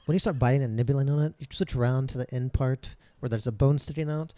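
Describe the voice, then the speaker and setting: A man's voice: medium pitch, fast talker, dark tone, no echo. A man narrating as game master in a tabletop game, in a rambling, casual way.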